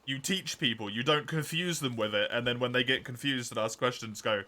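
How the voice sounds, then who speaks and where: A man's voice: mid-range voice, brisk, bright, forceful tone. A man streaming a game live, chatting with his viewers in a blunt, sarcastic way and swearing freely. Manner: blunt, swearing, sarcastic mock-formal asides. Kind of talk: casual live-stream chat while gaming.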